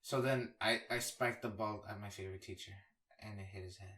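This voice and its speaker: A young man co-hosting a casual podcast, joking and rambling, filling his talk with "you know" and sometimes dropping into a soft, low put-on comedy voice. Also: steady tone, brisk. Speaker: podcast co-host.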